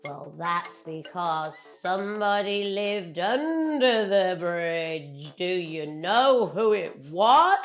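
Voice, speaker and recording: A young British woman telling a children's story in an animated, playful way, drawing her words out. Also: on the low side, slow pace, hardly any pauses, soft background music.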